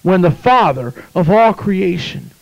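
A man delivers a sermon in a high voice. He drops to a hush while telling a story, then climbs to fervent shouts. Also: expressive, unhurried, gravelly, muffled recording. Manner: impassioned, swings from hushed to shouting. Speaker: preacher.

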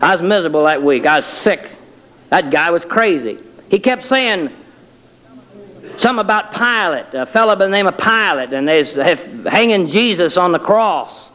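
A man's voice: high voice, animated, moderate pace, fairly bright tone, rough recording. A man giving a personal testimony in a colloquial, self-deprecating storytelling way with wry humor.

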